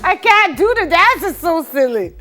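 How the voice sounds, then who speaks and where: A woman's voice: very high-pitched, big pitch swings, normal speed, pushed and bright, soft background music. A woman with a Jamaican accent co-hosting a TV show, teasing her co-host and giggling often. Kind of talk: playful studio banter.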